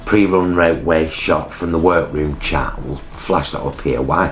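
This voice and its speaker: A man co-hosting a casual chat that reviews a TV show, talking in a teasing, playful way with drawn-out emphasis. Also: very deep voice. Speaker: co-host. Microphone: laptop setup. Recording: echoey room, faint music behind.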